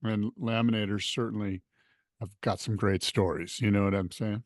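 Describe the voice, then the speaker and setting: A man's voice: lowish voice, steady tone, normal speed, dry recording, studio quality. A man co-hosting a podcast, chatting casually and asking curious, affirming questions. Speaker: podcast co-host. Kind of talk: casual chat.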